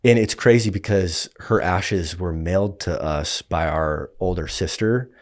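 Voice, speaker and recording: A man in his thirties, a pastor, talking in a relaxed, casual way with lots of "like" and "dude". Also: sits low, measured pace. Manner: laid-back, heavy on "like" and "dude". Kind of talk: casual podcast conversation.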